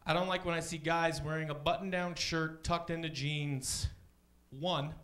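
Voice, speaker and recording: A man doing a chatty stand-up comedy set on a club stage, deadpan, often jumping into high voices for other people. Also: moderate pace.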